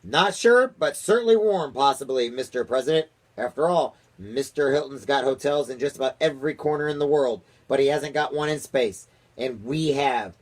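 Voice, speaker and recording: A man voicing a fawning male spy chief in a high falsetto, reading a storybook aloud. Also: moderate pace, natural voice.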